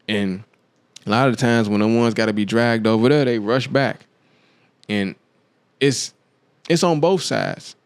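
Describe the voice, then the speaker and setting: A man's voice: on the low side, no room sound. Man musing in a dry, close room. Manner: loose, conversational, repeats phrases, asks "you dig what I'm saying?". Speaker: podcast host. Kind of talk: casual monologue commentary.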